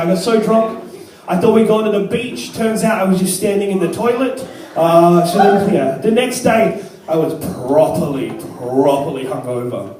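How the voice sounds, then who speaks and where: Heard from a distance in an echoey club, a young comedian works through crude, self-deprecating stand-up as the crowd laughs. His voice is high, and there is background noise.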